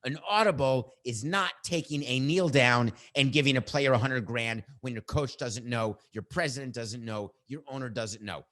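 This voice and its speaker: A middle-aged man hosting a sports podcast, giving his opinions in a combative, animated way and bantering with his producer. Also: medium pitch, moderate pace, few pauses.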